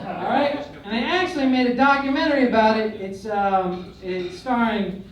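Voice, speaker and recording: On a comedy club stage, a young male comedian with a high-pitched voice tells crude, swaggering stories at a moderate pace, his volume swinging widely between loud and quiet. The recording is echoey and captured from far off, with audience laughter in the background.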